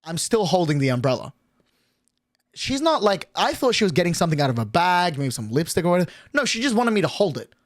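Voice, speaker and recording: A male streamer rambles through a story, packing every sentence with fillers and swear words. His pitch jumps around lively. The sound is dry and close. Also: fast talker, no room sound.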